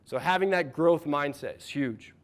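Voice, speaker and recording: Energetic man coaching a live audience. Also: a little high, moderate pace. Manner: energetic, encouraging, asks the room questions. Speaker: mental performance coach. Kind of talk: workshop talk to a live audience.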